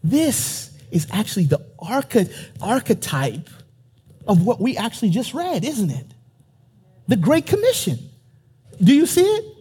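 Husky high-voiced male preacher. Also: big pitch swings, measured pace, pauses often, mellow. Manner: emphatic, calls out to the congregation. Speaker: pastor. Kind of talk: sermon. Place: church.

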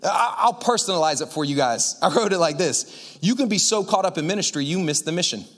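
A male pastor preaching a casual sermon, energetic and chatty with lots of asides to the congregation. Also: fairly high pitch, brisk.

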